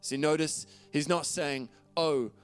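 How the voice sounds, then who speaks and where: Man, pastor, earnest conversational sermon, smooth resonant voice, faint music underneath. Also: medium pitch, a little slow. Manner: earnest, conversational preaching with restarts.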